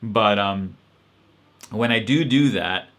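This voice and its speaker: A man's voice: lowish voice, slow pace, a bit bright. A man hosting a casual live-stream Q&A, answering questions in a hesitant, reflective way with many ums and restarts.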